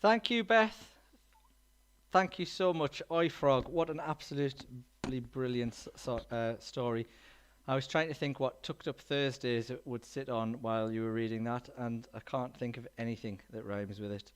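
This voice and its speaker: A man's voice: mid-range voice, moderate pace, clear, resonant tone. A man hosting a school story livestream, chatting casually and introducing the next reader with lots of restarts. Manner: chatty, rambling with fillers and restarts. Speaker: livestream host. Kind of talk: casual live-stream hosting.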